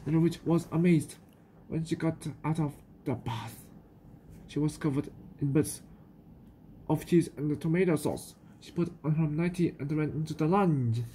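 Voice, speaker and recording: A woman with a New Zealand accent reading a children's picture book aloud, slowly and carefully, with small stumbles. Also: low-pitched, warm tone, a little hiss or hum. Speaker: storyteller.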